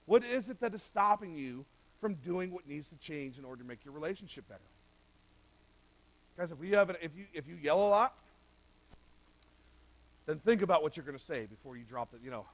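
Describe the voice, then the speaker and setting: The recording is low quality, and the middle-aged man's voice is high-pitched. He's a pastor preaching in a church sanctuary, addressing the men there in a plain, conversational way.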